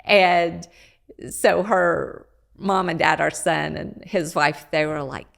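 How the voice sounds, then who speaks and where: Older lady, low gravelly voice, talks slow and calm about parenting. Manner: calm, measured, unhurried advice. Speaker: parenting expert guest. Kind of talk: casual podcast chat.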